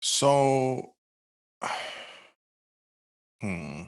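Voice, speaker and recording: A man's voice: mid-range voice, very animated, drawn-out words, creaky, clear, resonant tone. A man hosting a podcast interview, thinking aloud with many restarts and fillers. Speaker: podcast host. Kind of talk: casual interview conversation.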